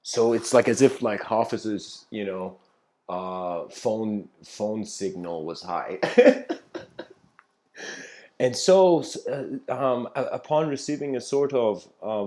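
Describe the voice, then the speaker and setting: A man's voice: fairly low pitch, darkish tone. A man giving a spiritual talk, retelling an old story in a loose, conversational way with many fillers and restarts.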